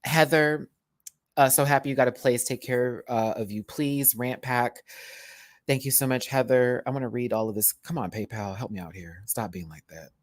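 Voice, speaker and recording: A man with a Southern US accent chatting casually on a livestream from a hotel room, animated and full of terms of endearment. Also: medium pitch, normal speed, dry recording, studio quality. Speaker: YouTube host.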